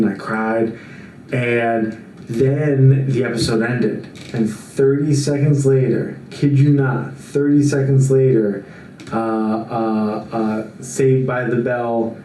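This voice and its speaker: Male host telling a story in casual chat, slow and filler-heavy, echoey room, mic at a distance. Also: mid-range voice, a little mellow, a little hiss or hum. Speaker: show host.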